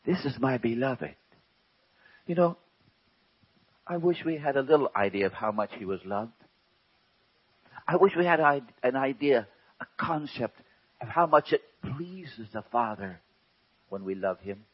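A man preaches a sermon in a slow, emphatic way and often sinks to a hush. His voice is a little husky and his pitch rises and falls freely. The recording sounds dull and lo-fi. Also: expressive. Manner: slow and emphatic, drops to a hush, asks rhetorical questions.

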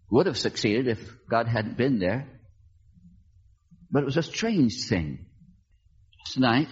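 Animated storytelling pastor, husky lo-fi. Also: male voice. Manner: dramatic, acts out quoted voices with big pitch swings. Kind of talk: sermon storytelling.

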